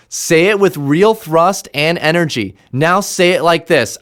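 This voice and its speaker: A man, a life coach, giving an energetic motivational talk and demonstrating how to speak to oneself. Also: on the high side, unhurried, few pauses.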